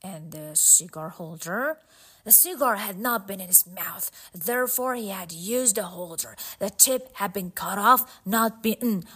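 A woman voicing a shrewd male detective who explains his deductions in a measured, slow way, in a storybook reading. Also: medium pitch, lively intonation, bright, forceful tone, husky, exaggerated voice. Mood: explaining.

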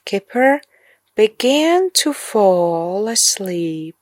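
Slow, expressive woman reading a storybook. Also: medium pitch, no room sound, clean studio sound. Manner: slow, expressive read-aloud delivery, dropping to a hush for suspense. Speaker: narrator.

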